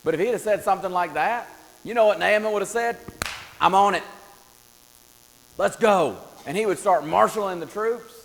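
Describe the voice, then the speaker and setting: In a church classroom, a man teaches a Bible class, animatedly telling the story and acting out the voices of Bible figures. His voice sits high and moves at a quick pace, with long hall reverb and a faint mains hum in the recording.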